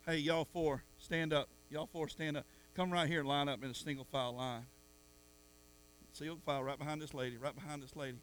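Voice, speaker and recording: A middle-aged man preaching a sermon in church, swinging from soft asides to loud calls at the congregation. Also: a little high, animated, a little fast. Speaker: pastor.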